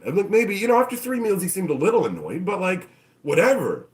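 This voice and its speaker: A man's voice: sits high, sing-song, a little fast. A man hosting his own channel, ranting casually and profanely and acting out mocking voices. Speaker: channel host. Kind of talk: casual opinion rant.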